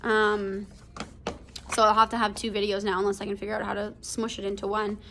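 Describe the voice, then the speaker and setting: A woman's voice: medium pitch, monotone, fairly quick, fairly bright tone, a little hiss or hum. A woman teacher recording a casual lesson video about a story, talking in a chatty way full of fillers, from home. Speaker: English teacher. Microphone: computer or phone video recording.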